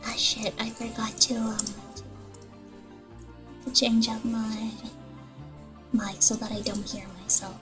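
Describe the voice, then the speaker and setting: A young woman streaming her first ASMR session, talking softly and often whispering, nervous and rambling. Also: on the high side, a little slow, long pauses, poor audio. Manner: soft-spoken, often whispering. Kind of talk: casual ASMR stream chat. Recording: music playing behind.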